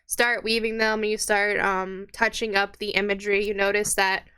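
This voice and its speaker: A woman runs a tabletop game, describing scenes in a loose, chatty way. Her voice is bright and crisp, with plenty of "kinda" and "uh" as she goes. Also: mid-range voice, flat delivery, moderate pace. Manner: casual, filler-heavy narration. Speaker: game master.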